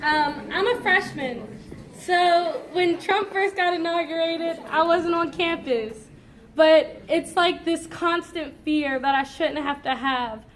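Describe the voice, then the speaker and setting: An eighteen-year-old woman, a college freshman, speaking at a campus forum, close to tears and hesitant, with nervous laughter. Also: high voice.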